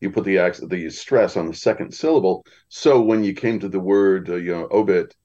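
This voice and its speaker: A man, an audiobook narrator, telling lively anecdotes in a podcast conversation. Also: deep voice, moderate pace, highs cut off. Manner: animated anecdotes with acted quotes. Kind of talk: storytelling in a podcast chat.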